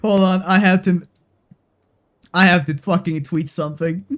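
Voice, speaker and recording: A woman's voice: lowish voice, fairly even intonation, moderate pace. A young adult woman streaming a game live, talking emotionally and swearing freely as she repeats herself. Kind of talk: live-stream gaming commentary.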